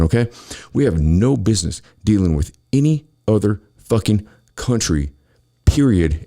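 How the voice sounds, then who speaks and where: A man with a very low, gravelly voice rants on his own show. He talks angrily and swears constantly as he vents to his listeners. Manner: angry, profane, ranting. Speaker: podcast host. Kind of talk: solo political rant.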